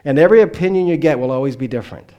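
Earnest man preaching with sharp volume swings. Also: on the high side, expressive, rapid-fire, muffled recording. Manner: swings between loud emphatic lines and quiet dropped endings. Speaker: missionary speaker. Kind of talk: sermon.

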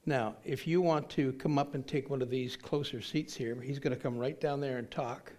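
Man, pastor, children's message with a puppet; friendly, inviting, fond of rhetorical questions; mid-pitched voice. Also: fairly even intonation, normal speed, a little mellow.

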